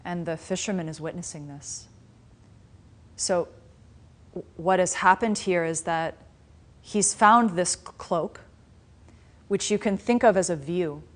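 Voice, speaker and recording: A woman's voice: fairly low pitch, a little slow, long pauses. Conversational woman teaching a dharma class. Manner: conversational, animated storytelling with restarts. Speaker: spiritual teacher. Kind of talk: dharma class talk, storytelling. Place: class in a meditation center.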